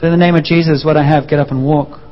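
A man's voice: a little high, fast. A male preacher tells a story in a slightly raised voice and acts out the people in it with shifting voices. His words ring on in a long hall reverb, and the recording sounds a little dull and muffled. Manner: lively storytelling, acting out voices. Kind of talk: sermon. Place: church hall.

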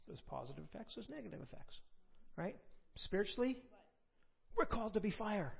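Husky preacher telling a testimony. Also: male voice, high voice, a little fast. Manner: animated storytelling, rising to forceful preaching. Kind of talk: sermon with personal testimony. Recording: dull lo-fi recording.

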